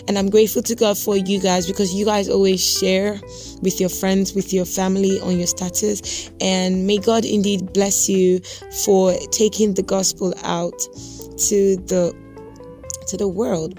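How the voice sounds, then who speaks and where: A woman's voice: mid-range voice, a little mellow. A young woman hosting a devotional podcast, talking earnestly and repeating her points for emphasis. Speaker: podcast host.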